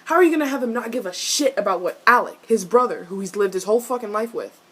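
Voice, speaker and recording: A woman reacting to a TV episode in casual, excitable rants, swearing often and turning exasperated. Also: on the high side, fast talker, slightly rough. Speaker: video reviewer.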